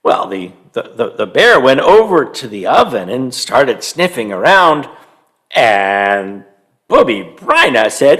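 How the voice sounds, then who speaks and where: A man telling a story to young children, animated and stopping to quiz them and have them join in. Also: medium pitch, takes it slowly. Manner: animated, quizzes young listeners.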